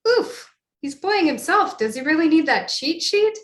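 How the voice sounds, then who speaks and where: A woman's voice: high-pitched, very animated, unhurried. A woman performing a solo theatre monologue, narrating in a wry, self-doubting way. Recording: roomy echo.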